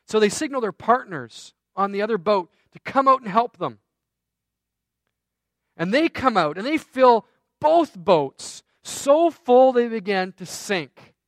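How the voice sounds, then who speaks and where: A man's voice: sits high, a bit bright, no echo. A man preaching a sermon, telling a story in a conversational way with self-deprecating asides. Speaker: pastor.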